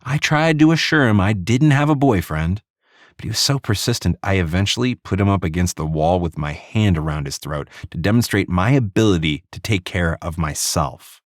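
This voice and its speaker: A man's voice: low-pitched, expressive, normal speed, dry recording, clean studio sound, pitched above the performer's own voice. A man voicing Di, a blunt tough woman soldier. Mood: wry. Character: tough female ex-Army soldier, dry and blunt.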